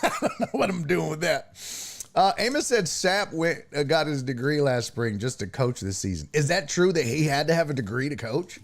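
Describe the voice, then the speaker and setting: A man hosting a casual live-streamed sports talk show from Texas, reading viewer comments aloud and teasing rival fans in a loose, animated way. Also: a little high, moderate pace, gravelly.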